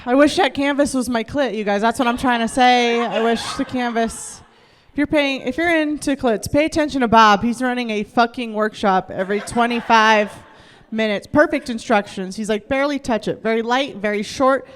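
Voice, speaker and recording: A woman's voice: a little high, normal speed, in a large hall, a little hiss or hum. A young woman comedian performing a stand-up set on a club stage into a handheld mic, rambling loosely, laughing, and acting out quotes.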